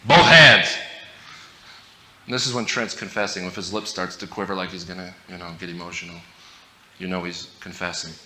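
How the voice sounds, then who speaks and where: A man giving a humorous storytelling talk from a stage, animated and laughing through his stories. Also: sits low, fast talker, background noise. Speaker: motivational speaker. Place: stage before a live audience.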